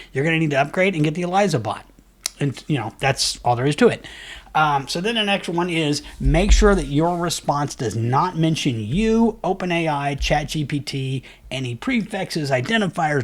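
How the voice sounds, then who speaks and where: A man walks through a software setup in a loose, rambling way, full of fillers and restarts. Keyboard typing clicks along behind his voice as he works. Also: on the high side. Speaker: software tutorial host. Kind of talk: screen-recorded software tutorial.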